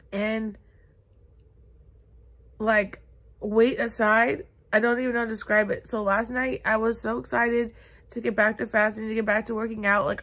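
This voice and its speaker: A young woman in her twenties vlogging from bed, upset and near tears, talking haltingly with many fillers. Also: medium pitch, fairly bright tone. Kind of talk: confessional vlog. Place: bedroom, in bed.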